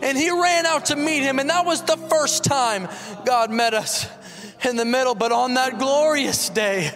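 A man's voice: very high voice, measured pace, fairly bright tone, long reverb tail, faint music behind. A man preaching a fervent sermon as a pastor, building with repeated rhetorical questions.

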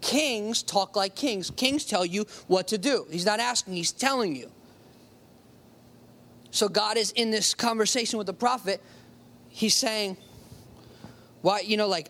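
A preacher reading scripture aloud and explaining it in a casual, conversational way, slowing down to stress key words. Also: mid-range voice, fairly bright tone. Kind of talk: sermon with Bible reading.

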